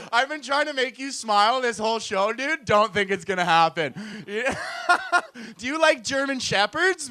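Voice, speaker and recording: A man's voice: extremely high pitch, bright, forceful tone, clean tone. A young man from Alberta doing loose, slangy stand-up crowd work as host of a comedy night. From Edmonton, Alberta, Canada. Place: comedy club stage with audience.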